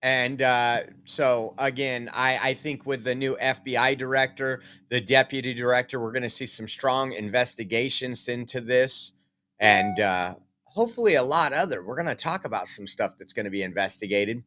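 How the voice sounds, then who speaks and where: A man's voice: medium pitch, moderate pace, sharp tone. A man giving casual political news commentary, reading out articles, emphatic and rambling with many fillers.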